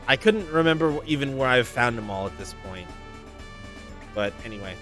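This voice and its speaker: Male streamer, animated swearing commentary, game music under. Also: medium pitch, normal speed. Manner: profane, exasperated, wry.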